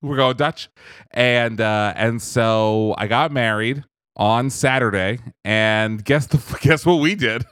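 A low-voiced young man chats on a podcast, telling a story in an animated and self-amused way. His voice is smooth and clear. It is recorded close and dry, with no room sound. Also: takes it slowly, dry recording. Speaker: podcast co-host. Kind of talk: casual chat.

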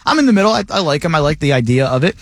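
A man co-hosting a sports radio show, talking casually and enthusiastically, his pitch jumping up when he gets excited. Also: rapid-fire, no echo. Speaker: co-host, draft analyst. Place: radio studio.

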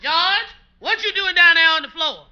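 A woman's voice: very high voice, normal speed, pushed and bright, heavily acted. An actress playing a cantankerous, bedridden old mother-in-law in a 1950s radio sitcom, tart and drawling, on an old, dull radio recording. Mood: sarcastic.

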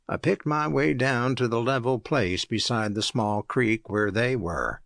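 A man reading an audiobook aloud as narrator, in a measured, even storytelling manner. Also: medium pitch, gravelly, no room sound, clean studio sound. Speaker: audiobook reader.

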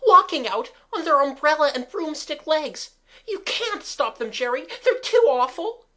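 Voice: high-pitched, very animated, unhurried, bright, forceful tone, voice pushed up, heavily acted. A reader voicing a terrified young girl who screams her words. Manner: screaming, breathless.

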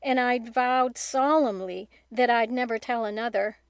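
A woman's voice: on the high side, unhurried, no echo. A woman reading the part of a remorseful, earnest young boy in an audiobook, with only a slight lift of her voice.

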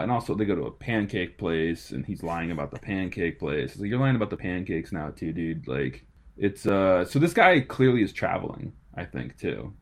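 A man casually discussing a movie with a friend, rambling and slangy, often restarting his sentences. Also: sits low. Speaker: podcast co-host.

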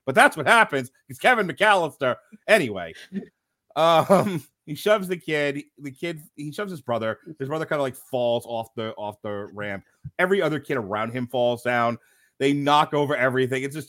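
Here a man co-hosting a podcast runs through a movie in a loose, sarcastic, foul-mouthed comedic review. His voice sits at medium pitch with a slightly bright tone, captured in studio quality without room sound.

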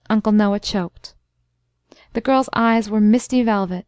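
A woman narrating a classic story in a steady, even storytelling voice. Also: mid-range voice, measured pace, long pauses, smooth, no echo. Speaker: audiobook narrator.

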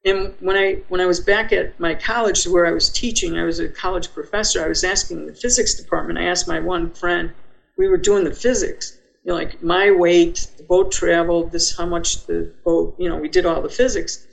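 A woman's voice: fairly low pitch, steady tone, moderate pace, gravelly, low-quality recording. An older woman, a podcast guest, telling a personal story vividly and acting out her own thoughts as she goes.

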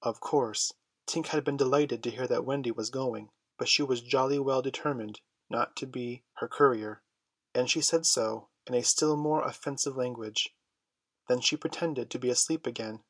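A man reading a classic children's story aloud, in a measured storytelling manner. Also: mid-range voice, slightly rough, no room sound. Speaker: audiobook reader. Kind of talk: storybook narration.

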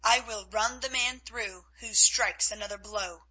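A woman's voice: on the high side, a little slow, sharp tone, breathy edge, exaggerated voice, poor audio. A woman reading the part of a cold, mocking male Spanish officer in an audiobook, speaking in a coolly commanding way.

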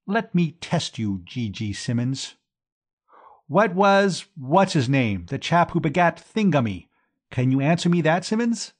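Man voicing pompous young toff, tipsy, blustering, pitch jumping high. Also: sing-song, measured pace. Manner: blustering, rising to high indignation.

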